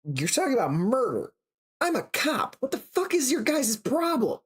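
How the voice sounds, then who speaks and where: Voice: high voice, huge pitch swings, moderate pace, husky, pitched above the performer's own voice, heavily acted. A reader voicing a male police detective who sounds incredulous and exasperated.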